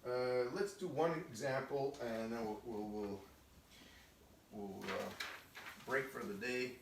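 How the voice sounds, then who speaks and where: A man's voice: mid-range voice, slow pace, slight background noise. A male chemistry teacher giving a casual recorded lesson. He explains step by step and often checks in with "okay?". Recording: echoey room, voice from a distance.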